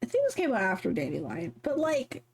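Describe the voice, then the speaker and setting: A woman's voice: mid-range voice, wildly swooping pitch, fairly quick, a little mellow, breathy edge. A young adult woman streaming a game, chatting casually in a giggly, rambling, self-deprecating way and reading the story aloud. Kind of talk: casual chat while playing a game.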